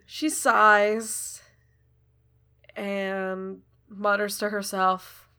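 A woman's voice: mid-range voice, level tone, drawn-out words, pushed and bright, clear, resonant tone. A woman narrating a tabletop role-playing game as game master, in a playful, easygoing way.

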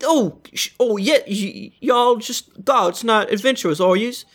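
A man's voice: very high-pitched, a little slow, fairly bright tone, voice pushed up, exaggerated voice. A man voicing a nervous male city gate guard who stammers and apologizes. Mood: flustered.

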